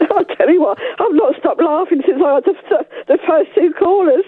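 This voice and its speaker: A woman's voice: very high-pitched, moderate pace, no room sound, narrow, tinny audio. An elderly woman in her eighties from England calls in to a radio phone-in, chatty and full of laughter as she tells her stories. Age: 80s. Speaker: caller. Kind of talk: phone-in call.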